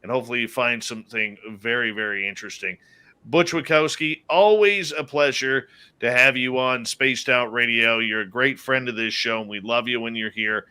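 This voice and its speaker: Bright-voiced male radio host. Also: medium pitch, normal speed, clean tone. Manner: chatty, reads live chat aloud. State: tired, yawning. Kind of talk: casual radio chat.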